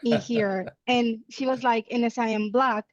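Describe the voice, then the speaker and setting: A woman with a Spanish accent telling an anecdote in an animated way on a video call. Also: on the high side, moderate pace, dull audio, a crowd in the background. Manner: animated storyteller, quotes others with "she was like".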